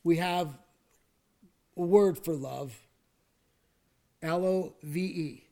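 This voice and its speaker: Man, pastor, sermon, high voice, unhurried delivery, hushed whispers to loud emphasis. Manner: invites the congregation to speak along.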